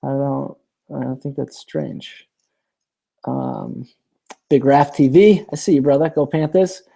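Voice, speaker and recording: A man's voice: medium pitch, takes it slowly, gravelly, warm tone, husky. A man hosting a casual live-stream Q&A, reading viewer questions aloud and rambling through his answers with many restarts.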